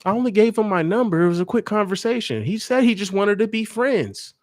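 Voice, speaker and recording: An evasive young woman making light, airy excuses, as a man mocks her in a raised voice. The voice sits noticeably higher than a plain talking voice. The sound is dry and close, with no room behind it. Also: animated, a little fast, dry recording.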